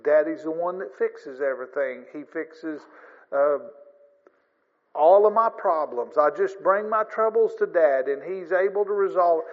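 A man's voice: a little high, measured pace. A man preaching a sermon in an earnest, folksy way, rising in emphasis. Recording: long reverb, dull lo-fi sound.

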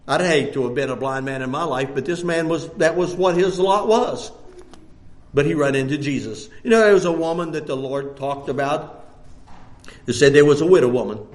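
Animated high-pitched preacher man. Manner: animated, swings between loud bursts and hushed lines, laughs often. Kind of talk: sermon.

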